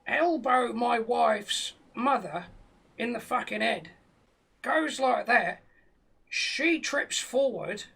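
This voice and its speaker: British comic storyteller, man with a high, gravelly voice, swears freely, tells absurd tales dead straight. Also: lively intonation, takes it slowly, sharp tone. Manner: profane, rambling tall tale told straight. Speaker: comedian telling a story. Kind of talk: comic storytelling on a live stream.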